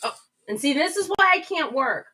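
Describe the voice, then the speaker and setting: A woman's voice: sits high, lively intonation, normal speed, pushed and bright, distant mic, low-quality recording. A woman hosting a live stream, chatting casually and reading viewer comments aloud. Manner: chatty, reads chat comments aloud, rambling restarts. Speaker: livestream host. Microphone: webcam mic, a little back from screen.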